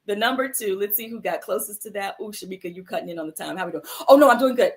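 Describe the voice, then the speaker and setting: A woman's voice: medium pitch, fast. Affectionate woman hosting a livestream. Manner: affectionate, encouraging, calls viewers "my love" and "sis". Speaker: host of a livestream mindfulness show. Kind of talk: casual livestream chat.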